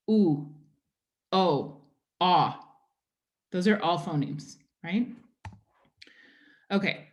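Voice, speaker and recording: A woman teacher giving a lecture in an online class. She talks at an everyday middle pitch and explains things patiently, one step at a time. She keeps checking in with her students by asking "right?" and "okay?". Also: a little mellow.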